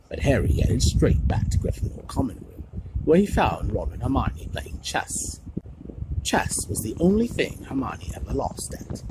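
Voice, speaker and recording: Man, storybook reading, expressive, animated pitch, noisy stream recording.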